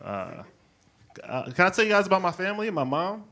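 A man from Brooklyn doing a stand-up set on a club stage, telling stories with lively character bits and laughing at his own jokes. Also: sits high, brisk. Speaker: stand-up comedian.

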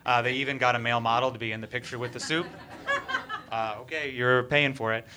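A man performing a stand-up bit in a mock-serious, deadpan presentation style, with frequent hesitant fillers, on a stage microphone. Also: mid-range voice, fast talker, slight background noise. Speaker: comedian.

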